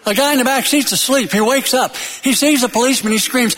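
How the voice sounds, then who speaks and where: A man preaching a sermon, emphatic, building to loud peaks and then dropping low, with stories and jokes along the way. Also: fast, in a large hall, background noise.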